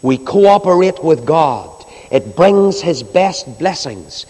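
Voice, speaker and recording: A man preaching a sermon with fervor, swinging between loud declarations and hushed, pleading passages. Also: on the high side, lively intonation, takes it slowly. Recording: long reverb of a large hall.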